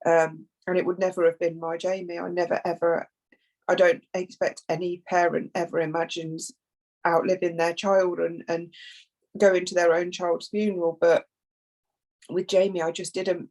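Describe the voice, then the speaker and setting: Husky-voiced tearful woman. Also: lowish voice, level tone, darkish tone, rough recording. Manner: halting, repeats words, fights back tears. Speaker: foundation founder, bereaved mother. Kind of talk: emotional conversation.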